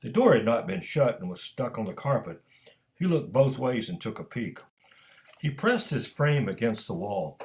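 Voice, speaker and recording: A man reading his own fiction aloud as scripted narration, measured and steady. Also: medium pitch.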